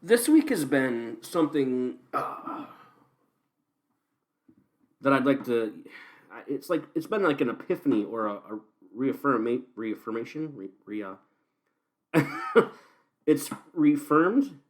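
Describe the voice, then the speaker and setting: A man's voice: mid-range voice, big pitch swings, takes it slowly, long pauses. A man hosting his own podcast, ranting and musing in a loose, swearing monologue after a few beers. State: tipsy from beer. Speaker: podcast host.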